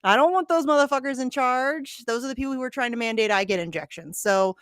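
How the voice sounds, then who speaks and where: A woman's voice: sits high, fast talker, clear, resonant tone, no room sound, clean studio sound. A woman hosting a casual online panel talk, blunt and swearing freely. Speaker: show host.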